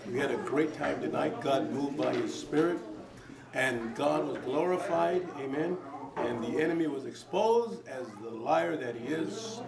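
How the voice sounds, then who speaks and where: A visiting preacher speaking after a service, thankful and full of praise. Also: male voice, mid-range voice, vocal fry. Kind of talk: post-service address. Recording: echoey room, far from the mic, loud crowd.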